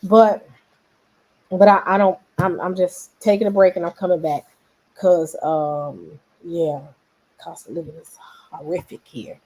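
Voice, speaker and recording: A woman from Memphis with a Southern accent, hosting a casual commentary vlog, animated and rambling as she talks straight to her viewers. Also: on the low side, a little slow. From Memphis, Tennessee. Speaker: vlogger host.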